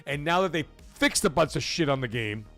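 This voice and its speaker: Excitable swearing man streamer. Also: on the high side, a little fast, faint music behind. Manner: excitable, swears a lot, swings from loud to mumbling. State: out of breath. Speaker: livestream host. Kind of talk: casual late-night stream chat.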